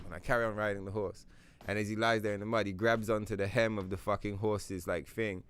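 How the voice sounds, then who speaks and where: A man's voice: fairly low pitch, little pitch movement, fast talker, fairly bright tone, soft background music. A man hosting a game livestream, telling rambling, profanity-filled stories and chatting casually with viewers. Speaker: livestream host. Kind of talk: casual gameplay stream chat.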